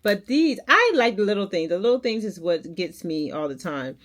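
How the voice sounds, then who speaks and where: Chatty excitable woman vlogging at home. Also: mid-range voice, moderate pace. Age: 40s. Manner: chatty, excitable, addresses viewers as y'all. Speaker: lifestyle vlogger. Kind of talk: casual chat to camera. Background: dog barking.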